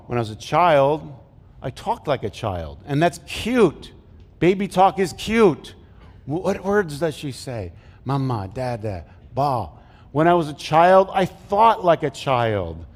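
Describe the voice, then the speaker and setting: A man's voice: fairly high pitch, darkish tone. A middle-aged male pastor preaching a conversational sermon, joking and asking the congregation questions as he goes. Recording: long hall reverb from a church sanctuary.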